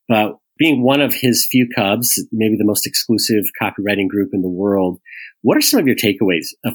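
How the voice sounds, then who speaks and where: Low-voiced man asking relaxed questions. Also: low-quality recording. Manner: relaxed, asks long rambling questions. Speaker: podcast host. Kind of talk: casual podcast interview.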